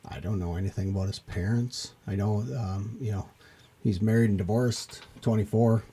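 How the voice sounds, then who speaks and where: A man's voice: lowish voice, steady tone, moderate pace, mellow, breathy edge. A man who owns a small business, talking casually and thoughtfully about an employee, with many fillers. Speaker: small business owner guest. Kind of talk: casual conversation.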